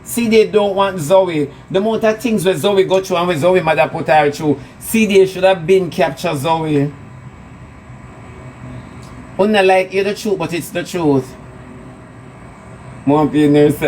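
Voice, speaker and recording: A high-pitched man with a Jamaican accent rants mockingly on a live stream, heaping sarcastic scolding on his targets. He sits back from the mic, and loud background noise runs under his voice. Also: a little slow, long pauses, distant mic, rough recording. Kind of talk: ranting live-stream monologue.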